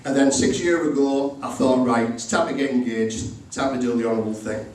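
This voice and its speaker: A man's voice: medium pitch, fairly quick, a little mellow, a little hiss or hum. Middle-aged guy doing his groom speech, funny story, plays both sides of the chat, super echoey room, mic way off. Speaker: groom giving a wedding speech. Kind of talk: humorous wedding speech anecdote. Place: indoor wedding reception room. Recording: very echoey room recorded from far off.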